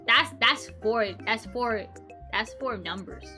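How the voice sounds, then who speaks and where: Bright young woman rambling on stream. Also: on the high side, slow, faint music behind. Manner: rambling, joking and swearing. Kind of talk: casual stream chat.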